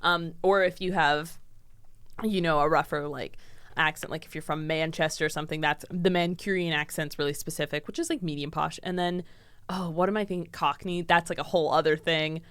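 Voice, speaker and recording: A woman's voice: deep voice, steady tone, fairly quick, a bit bright, clear, resonant tone, dry recording. Chatty young American-accented woman, dry sound. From Scotland. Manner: chatty, candid, swears casually. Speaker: podcast guest. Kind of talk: casual chat.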